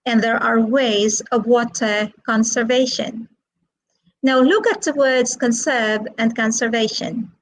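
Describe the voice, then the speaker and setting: A woman teaching an online English lesson, asking the class questions in a slow, drawn-out teaching manner. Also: a little high, fairly even intonation, poor audio.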